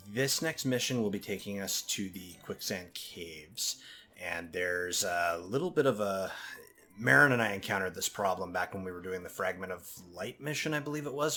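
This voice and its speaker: A man hosting a gaming video, casually explaining as he plays in a relaxed way. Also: deep voice. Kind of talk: casual let's-play narration.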